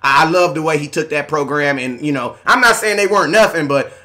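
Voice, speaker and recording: A man hosting a casual live stream, shouting out viewers by name in a hyped, talkative way. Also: fairly high pitch, a little fast.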